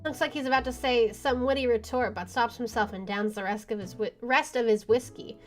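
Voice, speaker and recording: A woman's voice: a little high, fairly quick. Wry woman reading a visual novel. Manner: wry asides with swearing. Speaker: streamer. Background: game music.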